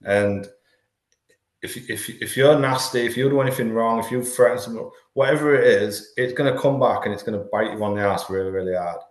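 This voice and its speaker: A man's voice: medium pitch, a little fast. A man, a podcast guest talking candidly and earnestly, often restarting his words. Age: 40s. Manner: earnest, repeats words when restarting thoughts. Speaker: podcast guest, life coach. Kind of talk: candid conversational interview. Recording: roomy echo.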